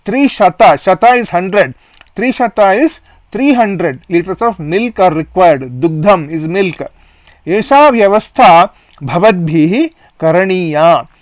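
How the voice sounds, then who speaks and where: A male teacher with an Indian English accent works slowly through a Sanskrit textbook play, reading each phrase and then glossing it in English. His voice is fairly high for a man. The recording is close and dry, with no room echo. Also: animated.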